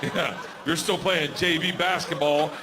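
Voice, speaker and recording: A man in his thirties doing a crude, animated stand-up set on a club stage, telling a story with shouted outbursts. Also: on the high side, measured pace, noisy background. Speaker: stand-up comedian. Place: comedy club stage before a laughing crowd. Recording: live club recording, crowd laughter.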